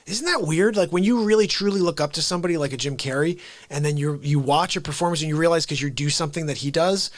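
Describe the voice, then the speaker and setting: A man hosting a live comedy stream, chatting in an excitable, rambling way and often breaking off his own sentences. His voice sits a little high, and the sound is dry and close. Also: no echo. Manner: excitable, rambling, self-interrupting. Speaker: livestream comedy host. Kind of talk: unscripted live comedy chat.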